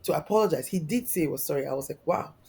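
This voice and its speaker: A woman in her thirties with a fairly low voice. She tells a personal story as a podcast guest, openly and reflectively, her feeling close to the surface. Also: lively intonation, very fast, creaky, mellow, breathy edge. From Nigeria. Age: 30s. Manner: heartfelt, reflective, openly emotional.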